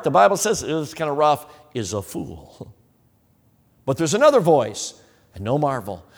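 A man's voice: mid-range voice, big-room sound. A man preaching a sermon, acting out the questions of imagined listeners as he goes.

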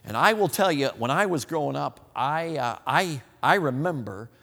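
An American man preaches a sermon emphatically, repeating his points and calling the crowd his friends. His voice is a little high, animated and gravelly with a fairly bright tone, at a moderate pace. Long hall reverb colors the recording.

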